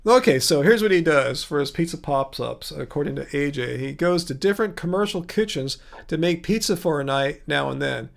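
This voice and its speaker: A man with a fairly high voice hosts a relaxed livestream, chatting through viewer comments. He rambles, circles back on himself and restarts often, with small chuckles along the way. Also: moderate pace, vocal fry, few pauses. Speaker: livestream host. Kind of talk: casual livestream chat answering viewer comments.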